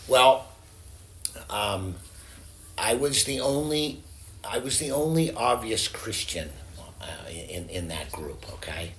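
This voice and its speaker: Male pastor, low voice, casual storytelling sermon with restarts, faint room hum. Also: fairly bright tone. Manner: conversational, with frequent restarts.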